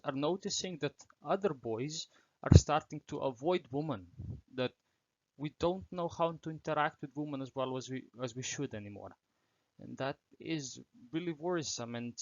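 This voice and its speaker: A man's voice: mid-range voice, no echo, lo-fi sound. A teenage boy from Slovenia, an English speaker, earnestly presenting a prepared talk as a student and listing his points one by one. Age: teens. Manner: earnest, reads through numbered points with small restarts.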